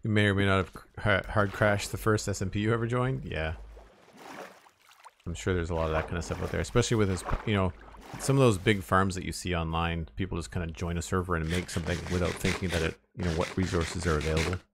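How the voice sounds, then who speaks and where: Low-voiced guy muttering to himself while he builds in a game, lots of uh's, faint hiss and clicks behind. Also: steady tone, fast. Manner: thinks aloud, mumbles, trails off with "uh". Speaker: streamer building in a survival game. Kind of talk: casual gameplay commentary.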